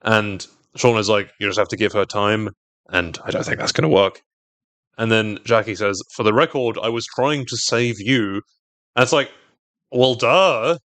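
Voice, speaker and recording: Man, casual podcast recap, animated, acts out quotes, dry close sound. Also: lowish voice, normal speed, no room sound. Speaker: podcast co-host recapping a TV episode.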